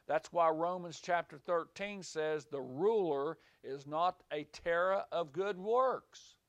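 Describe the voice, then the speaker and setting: Male Bible teacher for a small group, a bit high-voiced, repeats himself, punches key points. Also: no echo. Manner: rambling, repeats words, rises to emphatic points. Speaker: preacher. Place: small room with a few listeners.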